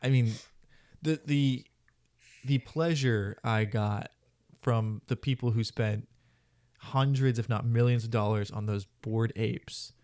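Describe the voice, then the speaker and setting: A man's voice: medium pitch, slow, a little mellow, smooth, dry recording, studio quality. Rambling, profane man in casual chat. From Florida, US. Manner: profane, rambling, many restarts. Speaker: podcast host. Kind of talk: casual conversation.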